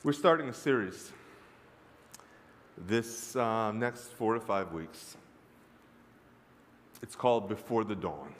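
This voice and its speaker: A man's voice: lowish voice, expressive, slow, pauses often, slight background noise. A male pastor preaching a sermon in a church, telling stories and calling out to his congregation with emphasis, his voice ringing with long reverb. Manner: storytelling, emphatic, calls to the congregation. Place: church sanctuary.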